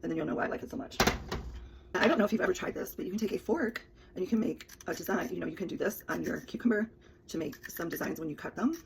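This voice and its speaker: A woman's voice: on the low side, expressive, quick pace, vocal fry, noisy background. A woman chatting through a casual cooking demo as a kitchen product consultant, with many fillers and restarts.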